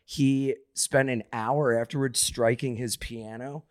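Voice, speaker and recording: A man's voice: medium pitch, takes it slowly. A man, a comedian, trading stories in casual podcast banter and acting out the people he quotes. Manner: animated storyteller, acts out quoted voices loudly. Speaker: comedian guest.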